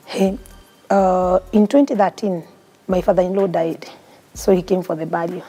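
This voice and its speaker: A woman's voice: mid-range voice, brisk, warm tone. A woman with a Kenyan accent, a guest in an interview telling her personal story in an earnest, heartfelt way. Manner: mixes English and Swahili, earnest and heartfelt.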